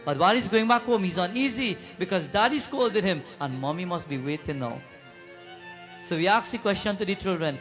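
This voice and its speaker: A high-pitched man preaching a sermon at a prayer gathering, retelling a devotional story. He turns often to the listeners with questions and slips into sung verses, with soft music faint behind him. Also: animated, fairly quick. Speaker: pundit.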